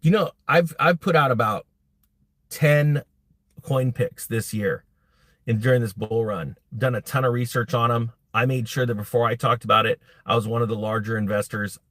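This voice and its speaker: A man's voice: mid-range voice, fairly even intonation, moderate pace, fairly bright tone, no room sound. Blunt rambling man on a dry mic. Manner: blunt, rambling, self-interrupting. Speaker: crypto YouTube host. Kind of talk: live-streamed casual rant.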